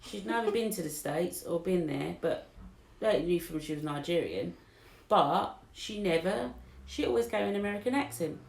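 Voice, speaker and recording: A woman's voice: fairly low pitch, expressive, normal speed, vocal fry, darkish tone. A woman co-hosting a podcast tells a story from her work in casual chat, circling back over the same point. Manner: storytelling, repeats herself. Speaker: podcast co-host. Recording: roomy echo.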